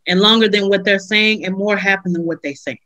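A woman's voice: medium pitch, steady tone, sharp tone, rough recording. Woman firing off speculative questions. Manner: speculative, rapid-fire questions. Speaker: podcast co-host. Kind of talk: casual chat.

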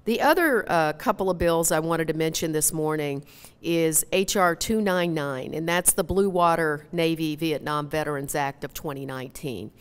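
A woman's voice: sits low, normal speed, clean tone. Minnesotan woman speaking at a podium. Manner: folksy, earnest, filler-heavy speech. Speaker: member of Congress. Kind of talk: town hall speech. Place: large hall. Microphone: podium mic. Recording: long hall reverb.

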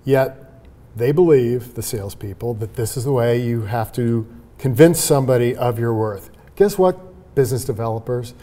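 Brief: male sales trainer guest, emphatic and animated, dark mellow tone. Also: mid-range voice, moderate pace. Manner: animated, emphatic, laughs while explaining. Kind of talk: conversational interview.

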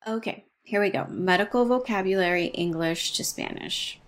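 A middle-aged woman, a nurse educator, gives an online lesson on medical phrases, slowing down and repeating each phrase for learners. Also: medium pitch, over loud music.

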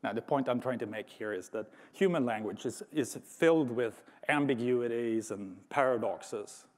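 A mid-range, darkish voice speaks at normal speed as a man gives a conference talk, thoughtful and lightly funny, often restarting sentences. The recording carries the reverb of a large conference hall.

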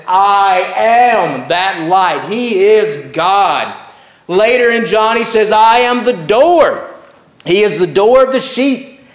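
A male pastor preaching a Baptist sermon, slow and emphatic, with repeated refrains. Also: sits high. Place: church sanctuary. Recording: echoey church sanctuary.

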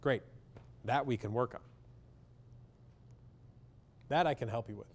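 A man's voice: medium pitch, a little slow. A man, a clinical psychologist, speaking bluntly and with humor in a public talk to parents, often asking the audience questions.

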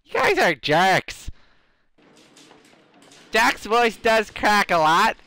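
Bright, animated male streamer. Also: high-pitched, very slow, gravelly. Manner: playful, laughing at his own voices. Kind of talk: casual game commentary.

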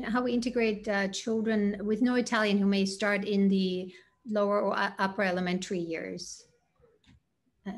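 A mid-pitched woman moderates a school panel discussion. She reads out questions politely and adds her own answers.

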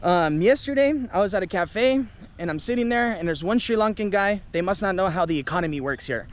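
Indignant high-voiced man venting. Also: expressive, brisk. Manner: heated, indignant, swears freely. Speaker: travel vlogger. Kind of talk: casual vlog rant to camera.

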